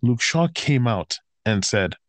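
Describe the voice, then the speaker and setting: A man's voice: mid-range voice, animated, slow pace, dry recording. Man ranting profanely about football. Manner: heated, profane rant with slang like bro. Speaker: podcast host and football fan. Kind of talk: casual chat.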